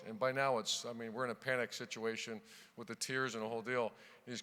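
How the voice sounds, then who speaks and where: Middle-aged man, from Ohio, keynote storyteller, punchy anecdotes, bright crisp voice, podium mic, long hall reverb. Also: medium pitch, little pitch movement, fast. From Ohio, USA. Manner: anecdotal, punchy, with loud bursts at new chapters. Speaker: keynote speaker, football coach. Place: large banquet hall.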